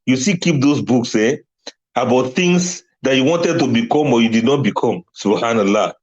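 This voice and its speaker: A man's voice: mid-range voice, moderate pace, a little mellow, lo-fi sound. A man giving a religious talk on letting go, emphatic and often laughing at his own points. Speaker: Islamic speaker.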